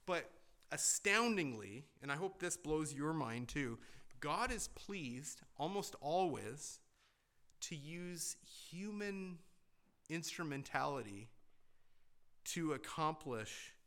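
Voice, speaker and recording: A pastor preaching a sermon in a church, emphatic and deliberate, with rhetorical questions. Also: male voice, fairly high pitch, animated, bright, forceful tone.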